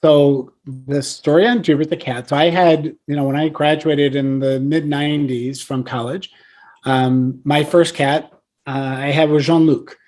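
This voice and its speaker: A man's voice: on the high side, fairly even intonation, a little slow, darkish tone. A man in his forties, a guest on a podcast interview, talking casually and telling stories with lots of "you know" and "right?". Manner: chatty storyteller, frequent "you know" and "right?". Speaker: guest, software founder.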